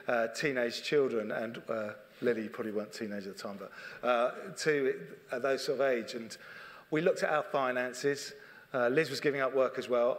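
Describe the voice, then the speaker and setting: A middle-aged man preaches to his congregation in a plain, conversational manner. He speaks earnestly and circles back to the same phrases. His voice carries a long reverb from the church hall around him. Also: mid-range voice. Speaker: church leader. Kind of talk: sermon.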